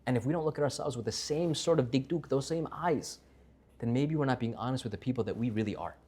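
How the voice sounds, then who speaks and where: A man giving a Torah class, telling a story with lively voices for its characters. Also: medium pitch, fast talker, husky.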